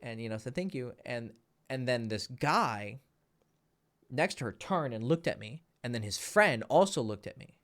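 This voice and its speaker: A man coaching viewers on dating tells a story in a loose, casual way. His voice sits at an ordinary mid pitch and swings between quiet asides and loud, laughing bursts. He swears freely. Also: expressive, normal speed.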